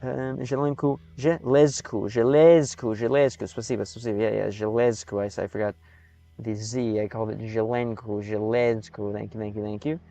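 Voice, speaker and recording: An American man streaming live in casual commentary, halting and repeating words as he slowly sounds out foreign phrases. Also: lowish voice, flat delivery, vocal fry, mellow. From United States.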